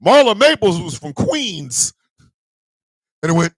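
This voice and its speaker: A man hosting a radio morning show, telling a profane comedic rant in a loud, animated way. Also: high voice, unhurried, dry recording, studio quality. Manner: loud, animated, profane storytelling with mock voices.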